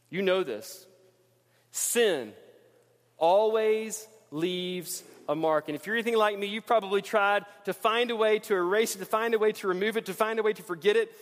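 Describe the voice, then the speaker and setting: A man preaching a sermon to a congregation, swinging from urgent, impassioned pleading to quiet, hushed questions. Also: mid-range voice, big-room sound. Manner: impassioned, builds to pleading then drops to hushed. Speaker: pastor. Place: church sanctuary.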